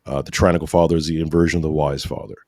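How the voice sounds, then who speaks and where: In a rumbling low, level, darkish voice, a man speaks rapid-fire as a podcast guest discussing faith. Earnest and preachy, often asking "right?" and at times emotional, he's captured in a dry, clean studio recording.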